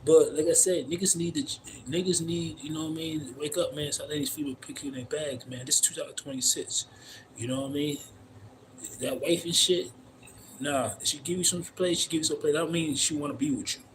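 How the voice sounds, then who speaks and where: A man's voice: on the high side, steady tone, a little fast, a little hiss or hum, rough recording. A man streaming live outdoors, telling a long, blunt, profane story in a loose, rambling way and repeating "you know what I mean" constantly. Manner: blunt, profane street talk. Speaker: livestreamer. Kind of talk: casual livestream monologue. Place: outdoors in the cold.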